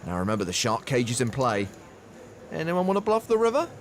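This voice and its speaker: Lively male poker commentator. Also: mid-range voice, brisk, slight background noise. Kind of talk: play-by-play commentary.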